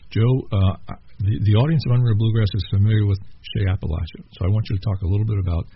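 A man with a very deep, gravelly voice hosts a radio interview show. He talks in a loose, easygoing way, pausing on fillers. The recording is slightly muffled, with a faint hiss behind him. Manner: relaxed, rambling with fillers. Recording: dull lo-fi with faint noise.

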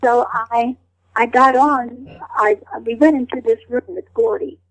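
An older woman being interviewed, telling lively stories and slipping into rough character voices. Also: a little high, a little slow, poor audio. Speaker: guest. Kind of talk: storytelling interview chat.

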